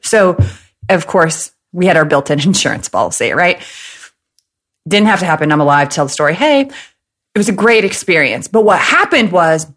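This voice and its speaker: A woman's voice: on the low side, very animated, fairly bright tone. A woman from the American Midwest, likely in her thirties, hosting a casual solo podcast and telling stories in a chatty, joking way. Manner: chatty, jokey, fast talker. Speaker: podcast host.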